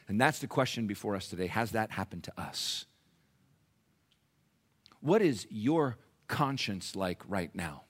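A man preaching a sermon as pastor, animated, with rhetorical questions, swinging between loud emphasis and hushed asides. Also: on the low side, unhurried, pauses often, husky.

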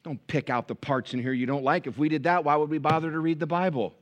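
A man preaching a sermon as pastor, animated, firing rhetorical questions and dropping to quiet asides. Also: on the high side, fast talker, lo-fi sound.

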